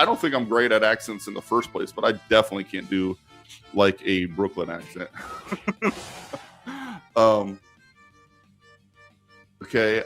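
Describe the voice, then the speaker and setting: Male live stream host, casual Q&A, mid-pitched, rambling with many restarts. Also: a bit bright. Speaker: live stream host answering viewer questions.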